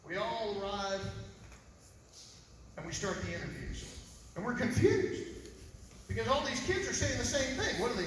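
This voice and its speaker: Male investigator, folksy storyteller, high-ish voice, distant and booming in a big hall. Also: a bit bright. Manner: folksy storytelling, acts out phone calls. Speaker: private investigator. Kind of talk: press conference talk. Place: large echoey hall. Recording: echoey hall from far off with noise.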